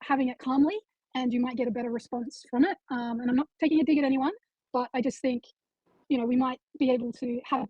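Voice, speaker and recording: Caller: woman, high breathy voice, quick and hesitant, dull lo-fi line. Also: fairly even intonation, no room sound. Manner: hesitant, stammering, conciliatory. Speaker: caller in an audio chat room. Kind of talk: measured appeal for calm. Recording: dull lo-fi audio.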